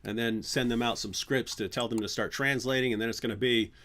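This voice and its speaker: A man hosting a livestream, chatting casually in an animated, playful way and often restarting his sentences. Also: medium pitch, fairly quick. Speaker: channel host.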